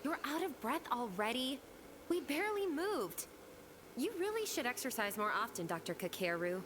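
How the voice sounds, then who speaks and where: An actress playing a brisk, sensible teenage student council president who scolds matter-of-factly in a video game. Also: female voice, on the high side, very animated, background noise.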